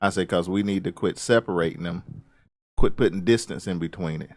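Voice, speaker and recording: A middle-aged man, a father, joining a casual group discussion with quick affirming and playful interjections. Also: low voice, darkish tone, no echo, studio quality.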